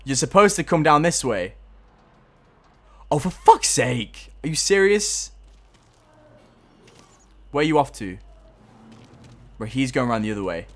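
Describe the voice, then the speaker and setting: A man's voice: medium pitch, big pitch swings, a little slow, long pauses. Swearing, self-mocking young gamer guy. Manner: frustrated, swearing, laughing at himself. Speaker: gameplay commentator. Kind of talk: casual gameplay commentary.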